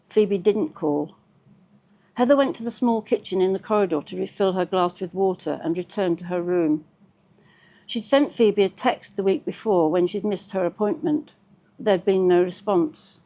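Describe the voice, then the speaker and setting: A woman author reading aloud from her own novel in a measured, steady storytelling manner. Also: mid-range voice.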